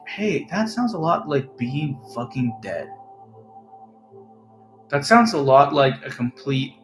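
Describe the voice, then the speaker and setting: A man ranting in a casual, sarcastic, profane monologue as an online commentator. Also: on the high side. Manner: sarcastic, profane, swings between loud and mumbled. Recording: echoey room, faint music.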